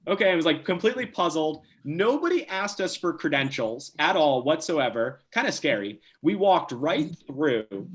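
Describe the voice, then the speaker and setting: A young man from New Jersey, a podcast guest telling a casual story with lively, quick restarts. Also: fairly high pitch. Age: young adult.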